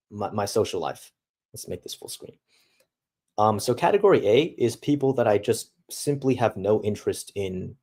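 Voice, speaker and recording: A young man holds a casual livestream and answers his chat. His talk is relaxed and slangy, thick with dude and bro, and his voice sits slightly low. It sounds like a desktop mic. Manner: slangy and laid-back, peppered with dude and bro. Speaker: streamer.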